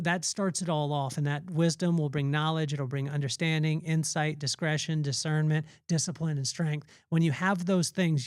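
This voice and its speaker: A man with a somewhat high voice, recorded dry and close with no room sound. He gives a casual devotional talk as a podcast host. He is earnest and rambling, repeating phrases as he goes. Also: no echo.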